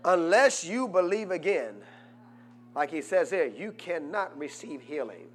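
A man pastor preaching a sermon and drawing answers from the congregation, swinging from quiet asides to loud, fervent peaks. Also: on the high side, expressive, unhurried. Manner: rises to loud preaching, asks congregation "what?". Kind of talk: call-and-response sermon.

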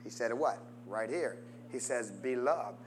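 Preaching at normal speed, this man keeps throwing questions to the congregation and pressing them for an amen. His call-and-response delivery rises and falls widely in pitch and volume, and a little hiss or hum sits in the recording.

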